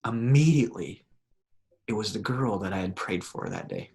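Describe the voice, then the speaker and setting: A man, a pastor, telling personal stories in a relaxed conversational way and acting out the people in them. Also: fairly low pitch, moderate pace, creaky. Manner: animated storyteller, acts out voices in his anecdotes. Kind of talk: conversational storytelling.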